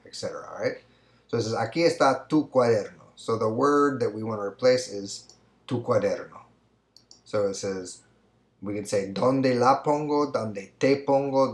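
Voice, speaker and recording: Male teacher, lowish voice, patient step-by-step explainer, roomy recording. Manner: explanatory, repeats "right?" often. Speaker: Spanish teacher. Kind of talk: recorded grammar lesson.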